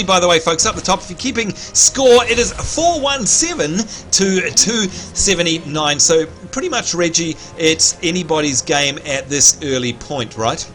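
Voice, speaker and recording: A man's voice: high voice, pushed and bright. An Australian man hosting a livestream and giving upbeat play-by-play commentary on a match he is playing, chatting to his viewers. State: slightly hoarse, clearing his throat. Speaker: livestream host and game commentator. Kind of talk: live gameplay commentary.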